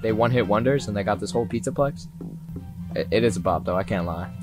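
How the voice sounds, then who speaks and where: A young man doing live commentary on a horror game, excitable and swearing freely, talking straight to the characters and breaking into sudden yells. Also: fairly low pitch, quick pace. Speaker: streamer. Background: faint game music.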